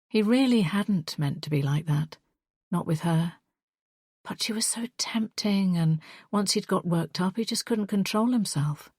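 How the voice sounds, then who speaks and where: A woman narrates a suspense audiobook in a tense, measured way. Her voice is low and sits right on a close mic. The recording is dry, with no room sound. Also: a little mellow, husky, no echo. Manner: tense, measured first-person storytelling.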